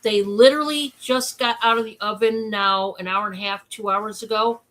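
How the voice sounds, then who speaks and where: A woman hosting a casual live-stream sale, chatty and excitable, with many fillers. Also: mid-range voice, moderate pace.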